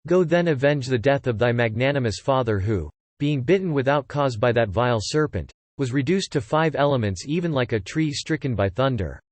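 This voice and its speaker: An earnest young disciple from an ancient epic storybook, read by a man, pleading in formal archaic speech. The voice stays at a middle pitch and sounds dry and close. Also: animated, fairly quick, dry recording, lightly acted. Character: devoted young male disciple seeking vengeance on a serpent.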